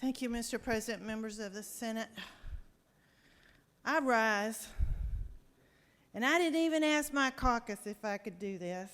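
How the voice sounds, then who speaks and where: A woman's voice: on the high side, a little slow, long pauses, fairly bright tone, smooth. A woman state senator, giving an impassioned, indignant floor speech. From American South. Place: large legislative chamber. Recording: reverberant chamber.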